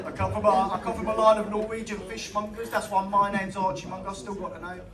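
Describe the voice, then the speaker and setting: A man's voice: high voice, flat delivery, fast talker, distant mic. A young man from England performing a stand-up set, swearing freely and bantering with the crowd. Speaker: stand-up comedian. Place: small comedy club. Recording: echoey club room, mic heard from afar, loud crowd. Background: audience laughing.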